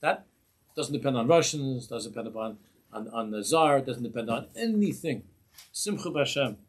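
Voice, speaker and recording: A man giving an informal Torah class as a rabbi, lively and humorous, laughing at his own examples and mixing in Hebrew and Yiddish terms. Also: medium pitch, normal speed, slightly rough. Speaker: rabbi teaching a weekly class.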